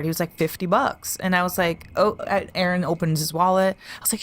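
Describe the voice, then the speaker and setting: A young woman co-hosting a podcast, telling a story in a casual, animated way, swearing and laughing as she goes. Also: lowish voice, fairly quick, hardly any pauses. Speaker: podcast co-host.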